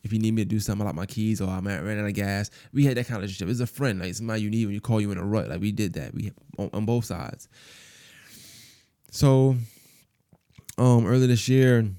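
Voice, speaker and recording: A podcast host tells a personal story in a casual, rambling way, leaning heavily on fillers and repeated phrases. His voice is low-leaning and mellow, and he talks fast. The recording is dry and studio quality.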